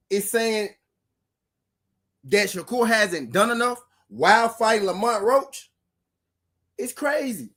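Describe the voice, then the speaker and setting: A man's voice: extremely high pitch, a bit bright. A man hosting a boxing commentary channel, ranting casually and heatedly to his viewers, repeating himself and swearing. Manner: repetitive, profane, heated, talks straight to viewers. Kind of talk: casual reaction rant.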